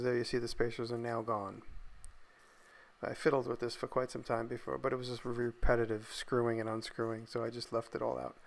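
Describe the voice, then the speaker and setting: Relaxed man narrating his workshop build. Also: mid-range voice, creaky. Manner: relaxed, thinking aloud, tired and yawning. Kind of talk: casual voice-over narration.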